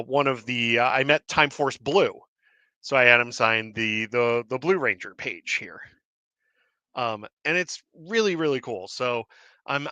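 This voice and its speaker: A man hosting a live show in casual chat, rambling and excitable with many fillers and restarts, a little out of breath. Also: medium pitch, smooth, dry recording. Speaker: host. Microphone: desk mic with cord.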